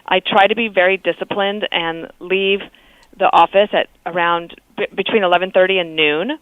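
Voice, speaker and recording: A woman's voice: medium pitch, steady tone, normal speed, clean tone, dry recording. A woman calling in as a guest on talk radio, speaking in a chatty, candid way with small fillers. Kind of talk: phone interview on talk radio. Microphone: phone. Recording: tinny phone line.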